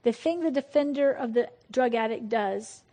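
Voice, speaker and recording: A woman preaching a lively, conversational sermon and laughing often. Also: fairly high pitch, normal speed. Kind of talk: sermon on deliverance.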